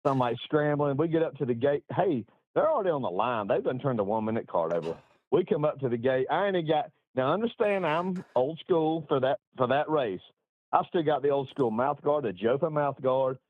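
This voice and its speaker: Over a dry, thin line that sounds like a phone, a middle-aged guest tells a long racing story with a mid-range, expressive voice at a fairly quick pace. The storytelling is casual and rambling, salty, self-mocking and punctuated by laughter at his own expense.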